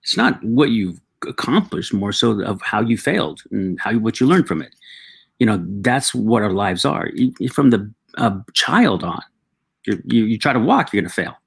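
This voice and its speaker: A middle-aged man, a talk show guest, telling reflective personal stories with halting restarts. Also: on the low side, sing-song, vocal fry, husky. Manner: reflective, halting, with frequent restarts and acted quotes.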